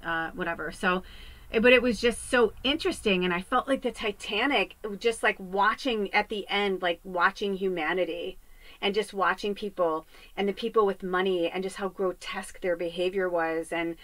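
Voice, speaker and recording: A woman's voice: mid-range voice, moderate pace, fairly bright tone, no room sound, rough recording. A woman medium from the US West Coast talking in a casual spiritual monologue, rambling and chatty, swearing freely. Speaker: psychic medium. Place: home podcast set.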